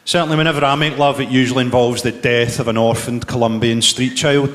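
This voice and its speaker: A Scottish man in his forties doing a live stand-up set, firing off profane, dark deadpan one-liners. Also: medium pitch, quick pace, heavy background noise. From Scotland. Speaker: stand-up comedian. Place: large theatre stage. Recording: echoey live theatre hall with loud crowd laughter.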